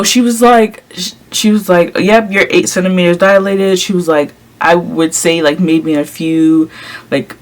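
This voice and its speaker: A young woman vlogger telling a casual storytime, chatty, with many ums and likes and frequent laughs. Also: deep voice.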